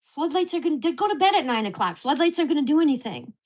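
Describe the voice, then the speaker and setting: A woman with a fairly high voice vents to the camera in a casual home vlog. She is blunt and heated, and she swears freely as she tells a long grievance story about her neighbors. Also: sing-song, racing, darkish tone. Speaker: vlogger.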